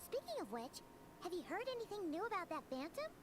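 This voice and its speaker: A woman's voice: very high-pitched, sing-song, fast talker, background noise. A woman voicing a tiny, bubbly, teasing fairy-like companion in a video game. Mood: eager.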